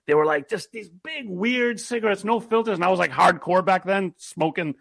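A man with a high voice and a gravelly edge tells a story in casual chat. He is animated and laughs often. He gets loud when he acts out his own lines. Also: normal speed.

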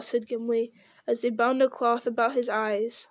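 A woman reads a fantasy novel aloud at a steady pace, now and then slipping and repeating a word. Her voice sits fairly high. The sound is close and dry, with no room echo. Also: moderate pace. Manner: steady, with occasional slips and repeats. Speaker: reader.

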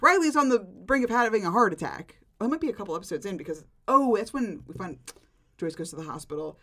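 A woman co-hosting a casual podcast, recapping a TV episode in animated talk full of "like". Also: mid-range voice, quick pace. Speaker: podcast co-host.

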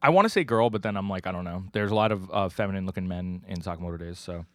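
A man's voice: deep voice, racing, a bit bright, no echo. A man co-hosting a podcast, casually recapping a manga story in a rambling way with lots of fillers. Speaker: podcast co-host.

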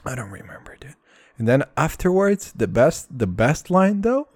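A man's voice: mid-range voice, very animated, moderate pace, darkish tone, no room sound, studio quality. A man chatting casually in a vlog, rambling and swearing, often repeating "dude" and "all right".

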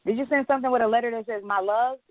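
A woman's voice: a little high, rapid-fire, no echo. Chatty woman on a tinny phone line. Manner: chatty storyteller, animated retellings, frequent laughs. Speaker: podcast co-host. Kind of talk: casual chat.

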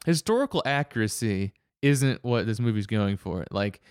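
A man's voice: lowish voice, lively intonation, moderate pace, clean tone, dry recording, clean studio sound. A young man in casual film chat, thinking aloud hesitantly with many fillers.

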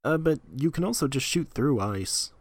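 A man's voice: a little high, lively intonation, normal speed, husky, dry recording, clean studio sound. A man co-hosting a podcast, chatting casually with wry, joking asides. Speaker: podcast co-host. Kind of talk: casual chat recapping an anime episode.

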